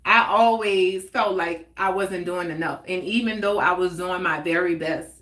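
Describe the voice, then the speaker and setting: Here the live-stream host, a woman in her forties, talks at a moderate pace with a lowish, fairly bright voice. The heart-to-heart chat is casual and frank, full of laughter and spoken replies to viewers, recorded with a roomy echo.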